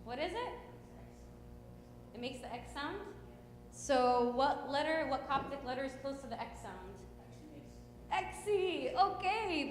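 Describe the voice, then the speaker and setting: Woman hymn teacher, patient and encouraging, with a bright high voice in a roomy, echoing church hall. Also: slight background noise. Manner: patient coaching, counting off and praising. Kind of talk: teaching and singing liturgical hymns. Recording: echoey church hall with long reverb.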